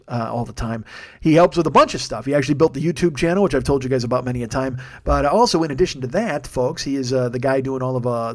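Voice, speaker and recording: A man hosting a comedy podcast alone, ranting heatedly and swearing constantly, then rambling through thanks to his crew. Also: mid-range voice. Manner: rambling, self-deprecating. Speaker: podcast host. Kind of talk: solo comedy podcast rant.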